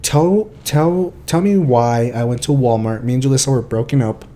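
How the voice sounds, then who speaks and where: A young man co-hosting a podcast, chatting casually and telling animated, profane stories. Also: medium pitch, normal speed, very noisy. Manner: animated storytelling, swears freely. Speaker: podcast co-host. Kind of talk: casual chat.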